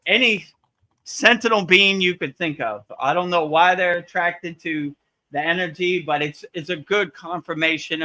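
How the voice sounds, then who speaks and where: Slightly high-pitched and sharp in tone, a man leads a live spiritual question-and-answer chat. He tells stories in an easygoing, animated manner, dramatizes quotations, and laughs frequently.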